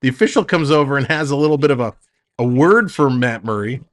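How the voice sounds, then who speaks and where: A man's voice: mid-range voice, animated, fast talker. A man streaming live hockey play-by-play, calling the action in short bursts and chatting with viewers between plays.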